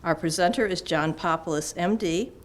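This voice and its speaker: A woman's voice: fairly low pitch, normal speed. A woman hosting a lecture series, giving a formal, scripted introduction. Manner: formal, reading announcements. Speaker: event host.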